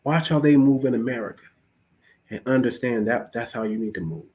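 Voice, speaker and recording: A man's voice: medium pitch, a little fast, a little mellow. A man hosting a podcast, exhorting his listeners in a preachy tone and driving every point home with repeated phrases. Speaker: podcast host. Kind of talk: casual preachy podcast talk.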